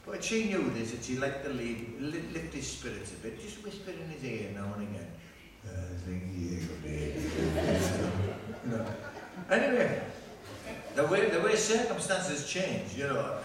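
A man's voice: medium pitch, very animated, normal speed. A man tells a rambling, pun-filled comic story on a festival stage, restarting his phrases as he goes. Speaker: folk singer telling a comic story. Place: festival stage before a live audience. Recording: echoey distant festival recording with noise.

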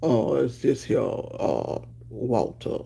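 A man voicing a slow, stubborn older male caller on a prank phone call, halting and persistent. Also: medium pitch, big pitch swings, vocal fry, dark tone, husky, full character voice.

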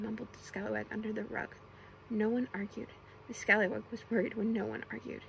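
A woman reading a bedtime storybook aloud in a soft-spoken ASMR style, gentle and slow, with brief asides to the listener, close to the microphone. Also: medium pitch, flat delivery, creaky, slight background noise, rough recording.

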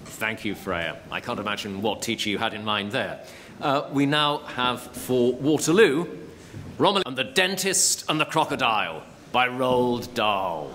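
A man's voice: mid-range voice, lively intonation, fairly bright tone, a little hiss or hum. A man hosting a school poetry competition, thanking each performer and announcing the next, with a dry aside. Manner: brisk, with a wry aside. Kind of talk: announcing performers at a live event. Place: school theatre, live event.

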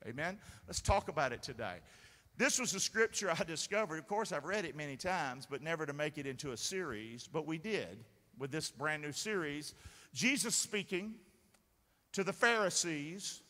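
A man preaching a sermon as pastor, energetic and calling for the congregation's responses. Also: fairly high pitch, normal speed. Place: large church sanctuary. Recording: long hall reverb in church.

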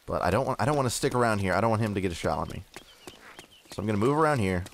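A man's voice: fairly low pitch, expressive, very fast, slight background noise. A young man giving casual, joking play-by-play of his own gameplay, poking fun at himself. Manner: joking, self-mocking play-by-play. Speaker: gameplay commentator. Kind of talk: casual game commentary.

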